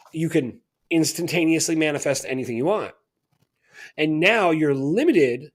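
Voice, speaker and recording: A man co-hosting a talk radio show, telling long rambling stories that turn heated. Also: fairly high pitch. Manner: rambling storytelling with heated bursts. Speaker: co-host. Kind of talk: casual talk radio chat.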